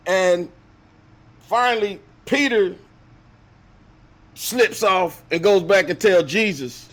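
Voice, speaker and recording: A man hosting a show, retelling a Bible story as casual comedy with slang, acting out the characters in lively voices. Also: high-pitched, takes it slowly, pauses often. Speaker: host.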